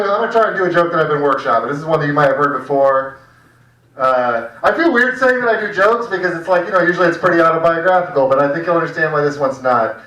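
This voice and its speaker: A man's voice: high-pitched, sharp tone, far from the mic. A man hosting a stand-up night in a small cafe room, talking in a loose, profane, rambling way. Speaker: comedy show host. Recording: echoey room, mic heard from afar.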